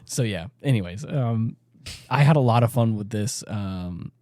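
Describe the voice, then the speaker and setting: Guy rambling on a podcast, lots of ums and restarts, mellow tone, dry sound. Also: on the low side, animated, unhurried, dry recording. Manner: rambling, many restarts and fillers. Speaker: podcast co-host. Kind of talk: casual chat.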